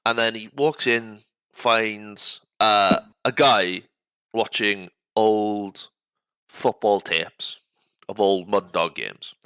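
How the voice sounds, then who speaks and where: A man hosting a casual podcast chat, retelling scenes in an animated way, acting out lines and laughing often. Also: on the low side, extremely slow, clean tone, dry recording, poor audio. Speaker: podcast host.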